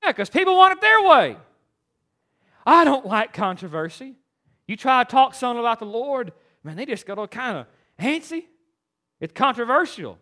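A man's voice: very high voice, very animated, normal speed, pushed and bright. A man preaching a sermon as pastor, emphatic and preachy, with stammered restarts.

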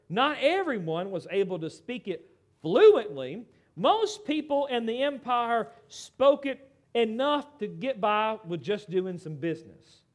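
Here a middle-aged American man preaches as pastor in a high voice, keeping the sermon animated and chatty, with side remarks aimed at the congregation.

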